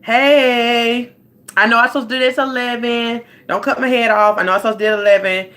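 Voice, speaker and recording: A woman's voice: a little high, fairly even intonation, rapid-fire, sharp tone. A woman, a life coach hosting a casual livestream from home on her phone. She rambles and talks straight to her viewers.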